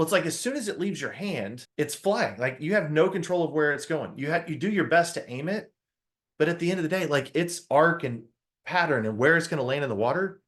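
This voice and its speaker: A man giving a motivational talk to an audience, telling a story with lively acted-out quotes and questions to the crowd. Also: fairly high pitch. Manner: animated storyteller, acts out his own quotes, asks the audience questions. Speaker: motivational speaker.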